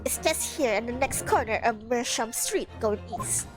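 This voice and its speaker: A woman's voice: fairly high pitch, lively intonation, moderate pace, close to an everyday voice. A woman voicing a hesitant male police inspector who stammers nervously, over game music. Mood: flustered.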